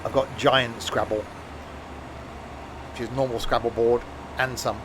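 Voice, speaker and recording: Man, mid-pitched, chatty game streamer, wry asides, background noise. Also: flat delivery, unhurried. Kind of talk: casual live-stream chat while playing.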